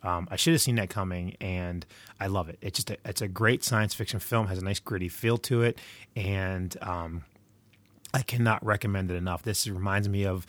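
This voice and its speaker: A man's voice: sits low, fairly even intonation, moderate pace, a bit bright, dry recording. A middle-aged man giving movie recommendations in a casual, rambling monologue full of digressions and stories. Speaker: movie reviewer.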